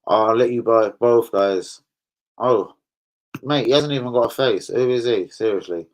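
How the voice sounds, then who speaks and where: On a poorly recorded clip, a London-accented man runs a laid-back livestream. He speaks at a measured pace in a mid-range voice, addressing viewers bluntly and cursing without restraint.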